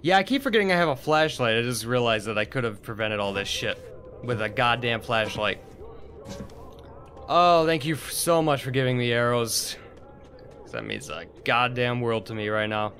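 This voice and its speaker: A man's voice: medium pitch, animated, moderate pace, fairly bright tone, a little hiss or hum. A young man giving gameplay commentary, frustrated and swearing as he mutters to himself. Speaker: gaming video host.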